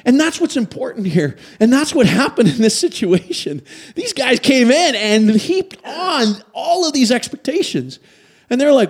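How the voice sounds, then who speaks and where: A man's voice: high voice, normal speed. A man from Canada preaching a sermon, telling stories with animation and asking his listeners questions. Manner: animated storytelling, asks the audience questions. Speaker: pastor.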